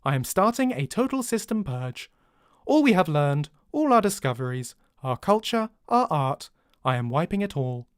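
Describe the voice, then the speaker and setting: Man voicing a monotone alien terminal, slow and flat, tight dry sound. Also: clean tone, no echo, natural voice. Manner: slow, unmodulated, no rising pitch on questions.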